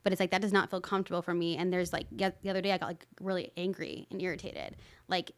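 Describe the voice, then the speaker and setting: Emphatic low-voiced woman guest. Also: steady tone, fast talker. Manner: emphatic, open, swears freely. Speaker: podcast guest. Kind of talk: casual conversational interview.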